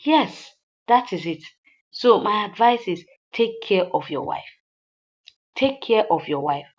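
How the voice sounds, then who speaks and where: A woman's voice: medium pitch, lively intonation, slow, a little mellow. A woman recounting an earnest, devoted man's words to a rival husband, repeating lines for emphasis, in a slightly dull lo-fi recording. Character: devoted younger man advising a rival husband.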